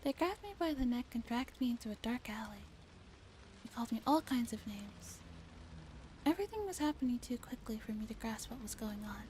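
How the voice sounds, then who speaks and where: A woman streamer reading a story aloud in a soft-spoken ASMR style, slipping into whispers and chatting with her viewers. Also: on the high side, lively intonation, fairly quick, a little hiss or hum. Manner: slips into whispers, chats with viewers.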